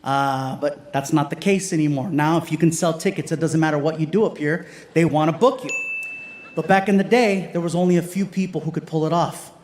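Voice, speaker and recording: A man telling stand-up stories to a live audience, animated and acting out voices of the people in them. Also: fairly high pitch, fairly quick, slight background noise. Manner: animated, acts out voices of kids and adults. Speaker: stand-up comedian. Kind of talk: stand-up storytelling. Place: large comedy venue with live audience. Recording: stage mic, roomy with loud crowd.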